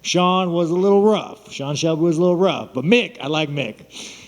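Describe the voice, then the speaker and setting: A fighter at a media scrum talks in a somewhat high voice, swearing in nearly every sentence and teasing the reporters around him. His voice carries a long reverb from a big hall. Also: normal speed. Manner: blunt, swearing, mocking. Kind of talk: profane, boastful press scrum talk. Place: large room at a media event.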